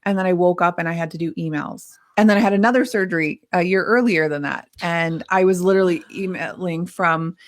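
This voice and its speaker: A woman's voice: lowish voice, brisk, hardly any pauses. A woman hosting a podcast, chatting casually and sharing personal stories with her guest. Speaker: podcast host.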